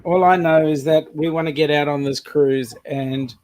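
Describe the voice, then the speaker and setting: A man's voice: on the high side, steady tone, moderate pace, darkish tone, poor audio. A man from Melbourne with an Australian accent, hosting a casual livestream chat in a chatty, teasing way. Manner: chatty, teasing, laughs often. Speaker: host.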